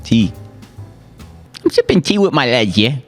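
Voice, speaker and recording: A man's voice: medium pitch, very animated, a little slow, soft background music. A man competing in a quiz with friends, joking around and trash-talking in casual banter. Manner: playful, trash-talking, jokey. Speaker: quiz contestant.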